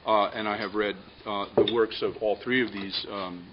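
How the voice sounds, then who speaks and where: A man moderating a panel before an audience, telling a joke and introducing speakers in a relaxed, halting way. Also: fairly low pitch. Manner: relaxed, with frequent ums and restarts. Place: conference room with an audience. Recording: dull lo-fi audio with faint hiss.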